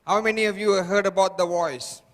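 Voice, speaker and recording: A man's voice: high voice, fairly even intonation, a little fast, a bit bright. A man giving a motivational seminar talk who keeps firing rhetorical questions at the audience. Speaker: motivational speaker. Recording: long reverb of a large hall.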